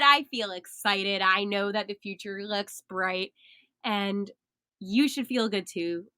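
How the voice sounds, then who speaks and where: A young woman hosting a sports podcast, animated and emphatic, laughing at herself now and then. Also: mid-range voice, takes it slowly, clean tone, no room sound. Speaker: podcast host. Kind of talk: excited sports podcast talk.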